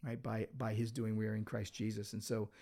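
With a dark tone and level delivery, a man whose voice sits on the low side speaks a little fast as he co-hosts a church podcast as a pastor. The casual chat, recorded in a book-filled office, is loose and rambling, full of restarts and filler.

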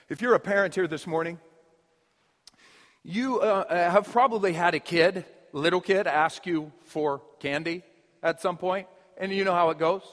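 A man's voice: high-pitched, unhurried, fairly bright tone, long reverb tail. A man preaching a sermon as pastor, earnest and explanatory, with emphatic repetition. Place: church.

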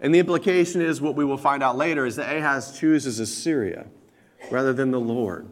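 A man preaching a sermon, earnestly explaining scripture and slowing down and growing louder when he quotes it. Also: mid-range voice.

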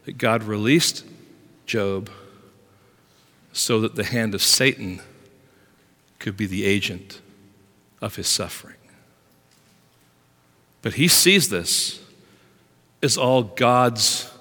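A man preaching a sermon as pastor, swinging between hushed lines and loud, emphatic ones. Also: on the low side, takes it slowly, pauses often, in a large hall.

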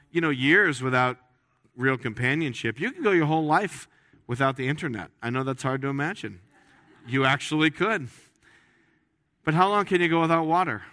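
Recorded cleanly in studio quality without echo, this man's medium-pitched voice sounds pushed and bright. He's a pastor giving a sermon in a church sanctuary, keeping it conversational, cracking jokes, and often starting his phrases again.

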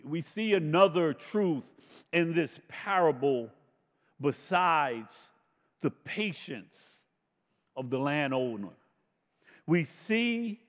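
Slow, emphatic male preacher in a hall. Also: a little high. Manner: slow, emphatic preaching with dramatic swells and hushed drops. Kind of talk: sermon. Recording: long reverb of a large hall.

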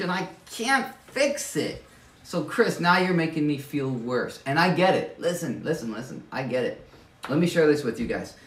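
A man's voice: on the high side, reverberant, recorded from a distance. A man preaching a sermon as pastor, conversational and self-deprecating, often restarting and stammering over his words.

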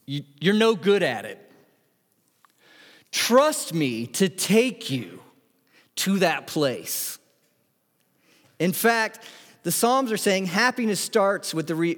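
Pastor in his thirties, slightly high voice, chatty and animated sermon, echoey hall sound. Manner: conversational, animated preaching with asides and acted-out quotes.

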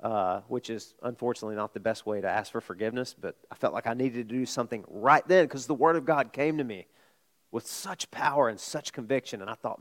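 A middle-aged man preaching a sermon, telling a personal story in a conversational way, jumping from loud asides to hushed admissions. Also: medium pitch, brisk. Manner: conversational, with restarts and sudden swings from loud to hushed. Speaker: pastor.

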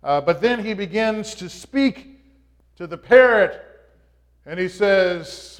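A man preaching a sermon, opening with a joke, in a slow and halting delivery with frequent pauses and fillers. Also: high voice, animated. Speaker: pastor.

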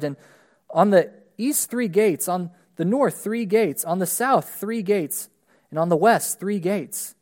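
A man, a pastor, reading a long scripture passage aloud to his congregation during a church service, measured and steady with emphatic rises on key words. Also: high voice.

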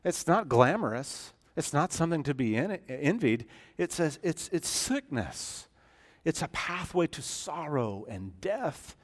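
A man preaching a sermon as a church pastor, emphatic and swinging from loud to hushed. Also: on the high side, big pitch swings, unhurried. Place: church sanctuary.

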